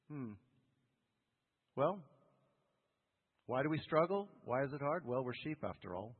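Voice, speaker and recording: Animated male pastor in an echoing hall. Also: mid-range voice, moderate pace, long pauses, slightly rough. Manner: animated, asks the congregation questions. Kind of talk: sermon. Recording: phone-like sound with long hall reverb.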